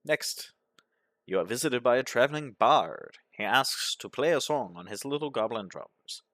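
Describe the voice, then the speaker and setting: A man narrating a game playthrough, reading its events aloud in a deadpan manner. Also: mid-range voice, normal speed, no echo. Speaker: gaming commentator.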